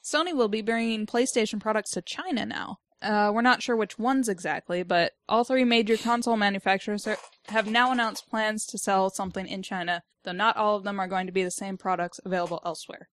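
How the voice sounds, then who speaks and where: A woman's voice: medium pitch, a little fast, few pauses, no echo. A woman co-hosting a casual gaming podcast, matter-of-fact as she reads out news headlines. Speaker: podcast co-host.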